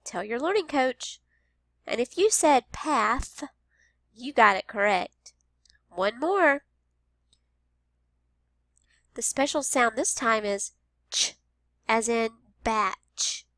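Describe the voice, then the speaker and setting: A woman teaching a phonics lesson to young children, speaking slowly and sounding out each word with care. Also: a little high, animated, a bit bright, no echo, clean studio sound. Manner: slow, careful, over-enunciated.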